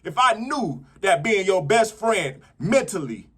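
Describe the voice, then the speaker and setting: A man with a high-pitched voice gives a casual motivational talk to camera. He talks conversationally and keeps checking in with his listeners, asking if they get what he is saying. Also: very animated, unhurried, fairly bright tone, breathy edge. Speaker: motivational vlogger.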